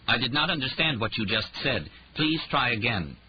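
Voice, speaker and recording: A man voicing a computer dictation program that answers slowly and placidly. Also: mid-range voice, highs cut off, a little hiss or hum, voice pushed up, natural voice. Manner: slow, even, placid.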